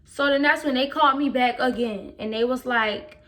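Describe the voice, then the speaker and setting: A woman's voice: high-pitched, moderate pace. A teenage girl, animatedly retelling a school story in a casual storytime vlog. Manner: animated retelling with quoted voices. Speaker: vlogger.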